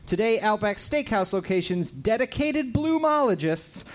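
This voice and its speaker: A man's voice: high voice, sing-song, moderate pace. A man hosting a comedy quiz show, reading questions and joking with the players. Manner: playful, joking, reads questions aloud.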